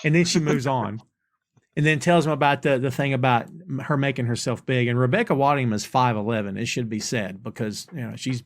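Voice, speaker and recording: A man's voice: medium pitch, a little fast, no echo. A man hosting a podcast, chatting casually and recapping scenes from an episode line by line. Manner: retells dialogue line by line, conversational. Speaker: podcast host reviewing a TV episode.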